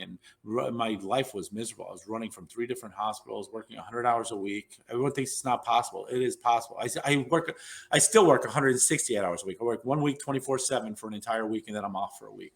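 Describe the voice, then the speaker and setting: A man's voice: fairly low pitch, creaky. Man, fifties, interview guest, rambling anecdotes, fillers and restarts, casual. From New York. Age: 50s. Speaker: podcast guest, neurologist.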